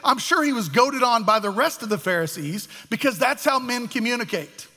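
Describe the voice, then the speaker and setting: High, bright-voiced man preaching. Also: brisk. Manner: animated, acts out voices of biblical figures. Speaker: pastor. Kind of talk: sermon. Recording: echoey hall.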